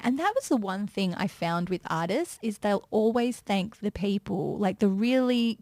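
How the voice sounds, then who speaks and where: A woman's voice: medium pitch, moderate pace, hardly any pauses, no room sound. A woman, a music and pop culture presenter chatting as a guest in an interview, telling stories and acting out quotes. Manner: chatty storyteller, acts out quotes with lively voices. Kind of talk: casual interview chat.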